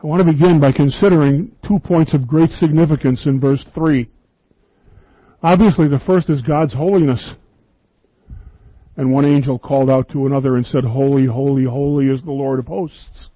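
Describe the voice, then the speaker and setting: A man's voice: mid-range voice, fairly even intonation, normal speed, dry recording, dull audio. A man preaching an earnest, emphatic radio sermon, reading scripture and quoting at length.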